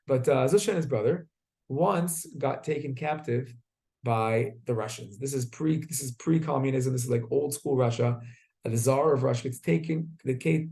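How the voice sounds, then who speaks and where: A man teaching a class, asking students questions and telling stories in a lively way. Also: mid-range voice, vocal fry. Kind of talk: classroom lesson with storytelling.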